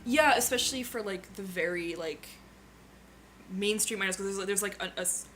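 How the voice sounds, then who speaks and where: Music runs in the background as a Maritime Canadian woman co-hosts a relaxed Q&A, chatting and joking with lots of "like"s. Her voice is medium-pitched and fairly bright at a normal speed, with a faint hiss or hum on the audio.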